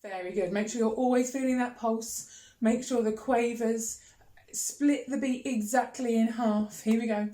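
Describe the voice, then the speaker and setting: A woman's voice: fairly high pitch, fairly even intonation, moderate pace, warm tone. Encouraging woman chanting rhythm syllables. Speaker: music teacher. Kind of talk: children's music lesson. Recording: echoey room with faint noise.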